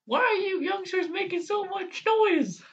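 A man voicing a cranky elderly female pony farmer in a shrill, thin old-lady voice, scolding. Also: lively intonation, measured pace, distant mic, muffled recording, exaggerated voice. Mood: grumpy.

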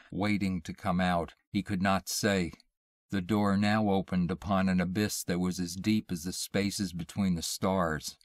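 A man slowly reading a horror short story aloud in a measured, hushed way. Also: deep voice, no room sound. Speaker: narrator. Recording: dry close mic, audio only.

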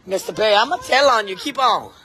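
A woman's voice: mid-range voice, lively intonation, fast talker, fairly bright tone. A middle-aged woman, chatting casually to live-stream viewers and her kids outdoors on a phone. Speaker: vlogger and mom. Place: outdoors at a scenic waterfall spot.

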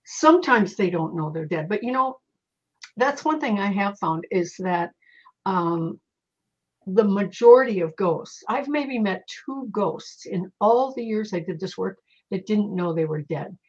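A woman guest speaking as a psychic, telling lively stories in casual conversation and acting out the voices in them. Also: medium pitch, measured pace, breathy edge. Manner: animated, quotes voices in her stories. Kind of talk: conversational storytelling. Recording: muffled lo-fi audio.

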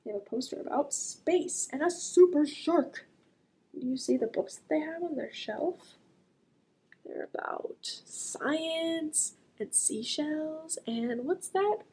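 A woman reading a picture book aloud to children as a librarian, gently asking the listener questions and drawing out the sound words. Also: sits high, lively intonation, slow pace, poor audio.

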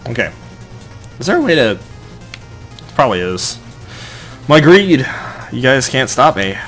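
A young man giving casual gameplay commentary, rambling and joking, with sudden excited outbursts when things go wrong. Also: medium pitch, normal speed, faint music behind. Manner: excitable, rambling, shouts in bursts of frustration. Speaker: let's play gamer.

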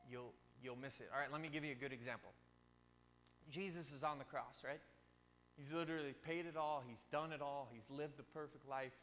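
A man preaching a relaxed youth sermon with a bright, forward voice and an easy, joking manner. His voice rings out with a long church reverb, and a faint hum sits underneath. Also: medium pitch. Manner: informal, chatty, joking asides. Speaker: youth speaker. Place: church sanctuary.

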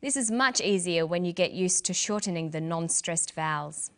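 A woman presenting a scripted English lesson, speaking clearly and carefully as a teacher. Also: on the low side, expressive, moderate pace, fairly bright tone. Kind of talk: scripted instructional narration.

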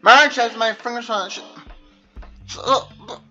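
Exasperated high-voiced young man ranting over game music. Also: normal speed, bright, forceful tone, dull audio. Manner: exasperated, repeatedly complaining and ranting. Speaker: gaming channel host. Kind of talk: frustrated gameplay commentary.

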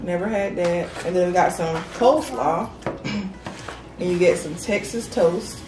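A woman's voice: on the low side, measured pace, background noise. A woman talking casually about the food between bites in a mukbang video. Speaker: mukbang guest. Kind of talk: casual eating chat. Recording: roomy audio from a distant mic with faint music. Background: faint music.

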